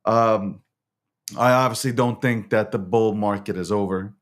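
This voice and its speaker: A man's voice: lowish voice, fairly even intonation, unhurried. A man hosting a casual crypto market monologue, slangy and swearing, who keeps breaking into fits of giggles. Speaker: host of a crypto news show.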